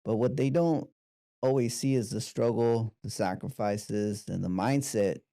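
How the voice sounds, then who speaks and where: A man's voice: fairly low pitch, measured pace, vocal fry, dry recording, studio quality. A man hosting an interview podcast who recaps his guest's story and asks encouraging questions. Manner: warm, encouraging, summarizing questions. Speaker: podcast host.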